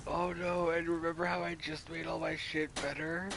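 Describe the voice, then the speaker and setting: A woman's voice: deep voice, flat delivery, normal speed, creaky. A woman co-playing a game on a stream, drawling casually, swearing and laughing. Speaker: stream co-player. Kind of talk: casual gameplay chat. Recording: noisy stream audio.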